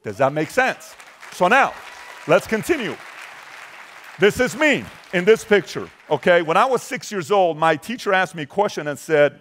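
A man in his forties, from Iran, giving a motivational talk to a live audience, emphatic and questioning the crowd directly, turning soft for personal stories. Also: high voice, big pitch swings, normal speed. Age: 40s. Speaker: motivational speaker.

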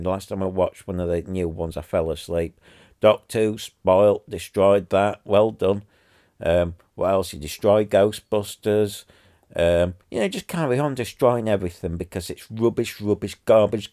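Ranting low-voiced man. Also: mellow, no room sound, studio quality. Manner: ranting, repetitive, exasperated. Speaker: vlogger. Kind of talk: angry rant to camera.

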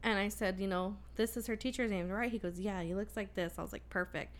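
A woman in her thirties telling a story in casual chat, animated and full of swearing, quoting the people in it. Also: medium pitch, brisk.

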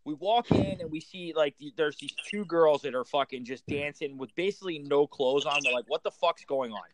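Man, hockey coach, profane halting chat, slightly high voice. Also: sing-song, a little hiss or hum. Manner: profane, halting, restarts often. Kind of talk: casual storytelling chat.

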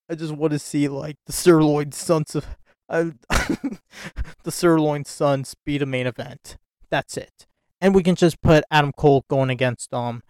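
A man's voice: mid-range voice, no echo, studio quality. A man hosting a casual wrestling talk show alone, rambling with many fillers and restarts and often breaking into giggles. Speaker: wrestling podcast host. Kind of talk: casual solo commentary.

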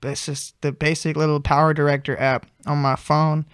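A man's voice: a little high, flat delivery, moderate pace, smooth, dry recording, studio quality. A young man hosting a casual podcast chat, rambling with lots of fillers and casual swearing.

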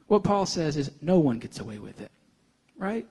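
A young male pastor preaching a sermon, earnest, building to intense emphasis and then dropping soft. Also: fairly high pitch, very animated, normal speed, slightly rough.

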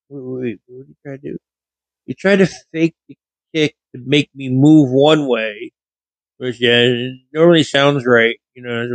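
A man's voice: medium pitch, no room sound, rough recording. A man telling casual stories in a rambling way, often correcting himself, into a mic with a pop filter. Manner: rambling, frequent self-corrections. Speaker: vlogger. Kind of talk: casual storytelling monologue. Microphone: studio mic with pop filter.

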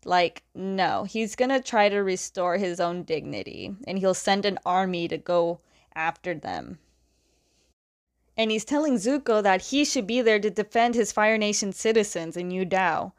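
A woman's voice: mid-range voice, lively intonation, unhurried. A young woman casually recapping a comic story, chatty, laughing often and leaning on "like.".

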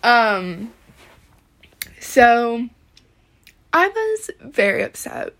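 A woman's voice: a little high, sing-song, drawn-out words, fairly bright tone. A woman talking casually to camera in a rambling way, full of "like" and swearing. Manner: rambling, heavy use of "like", frequent swearing. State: upset, close to tears. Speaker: vlogger.

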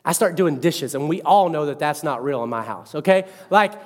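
A man in his thirties preaching a sermon as pastor, animated and conversational, with self-mocking asides. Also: on the high side, normal speed, in a large hall.

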